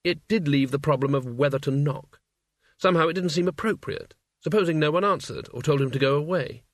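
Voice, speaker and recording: A man narrating an audiobook in a measured, dryly wry storytelling manner. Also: a little high, no room sound, clean studio sound.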